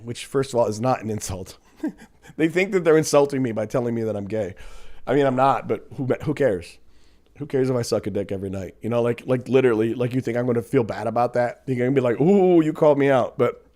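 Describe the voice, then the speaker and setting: A man's voice: mid-range voice, a little mellow. A man hosting a casual livestream, reading viewer comments aloud and answering them in a blunt, profane, sarcastic way, often laughing at commenters.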